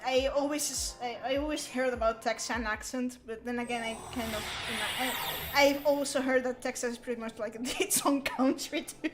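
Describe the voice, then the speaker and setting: A woman's voice: fairly high pitch, fairly even intonation, normal speed, music in the background, rough recording. A woman from Spain with a Spanish accent, chatting casually on a game stream and hunting for words with many fillers and restarts. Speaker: stream co-host.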